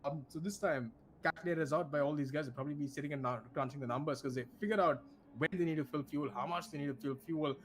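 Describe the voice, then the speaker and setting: A man's voice: fairly high pitch, quick pace. Chatty male race commentator. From India. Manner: chatty, many restarts, laughs easily.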